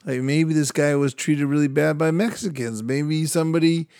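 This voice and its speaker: An older man with a somewhat high voice tells a story in easy, casual chat. He laughs often and jumps into different voices for the people in the story. He talks like the radio and podcast host he is. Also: moderate pace, darkish tone, smooth, no echo, studio quality. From Latin American heritage, United States.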